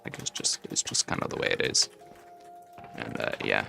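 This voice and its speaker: A man's voice: moderate pace, music in the background. A young man from the English Midlands with a Midlands accent, chatting casually on a game livestream and answering chat while he builds. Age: young adult. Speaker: streamer.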